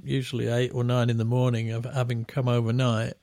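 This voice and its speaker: Middle-aged English musician, gravelly, dry close sound, rambling raconteur. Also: male voice, medium pitch, completely flat delivery, brisk, warm tone, dry recording. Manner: rambling storyteller with restarts, laughing at his own stories. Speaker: band musician guest. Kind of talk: casual anecdotal chat.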